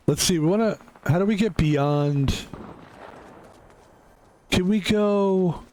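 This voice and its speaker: A man streaming a game, hoarse while recovering his voice, rambling in a quiet hushed way. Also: on the high side, lively intonation, drawn-out words. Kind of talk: casual gameplay commentary.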